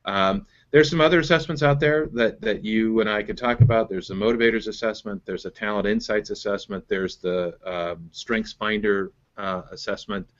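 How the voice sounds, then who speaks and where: A man's voice: on the low side, fairly even intonation, normal speed, few pauses, muffled recording. A man hosting as a business coach, explaining methods step by step and checking in with "right?". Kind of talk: coaching conversation on a call.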